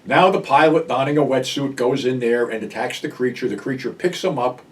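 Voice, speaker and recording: A man's voice: mid-range voice, a little fast, recorded from a distance. Older guy blunt and salty, telling a movie plot off the cuff, sits a bit back from the mic. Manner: blunt, profane storyteller. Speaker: film review host. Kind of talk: casual film recap.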